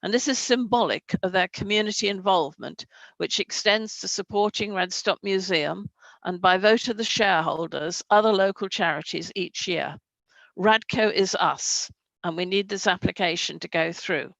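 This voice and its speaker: A councillor makes her case to a planning committee over a video call. Her voice has a gravelly edge of vocal fry, and the sound is dry and close. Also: medium pitch, moderate pace, fairly bright tone, no room sound, poor audio. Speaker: councillor speaking on an application. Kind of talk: prepared statement at an online council meeting.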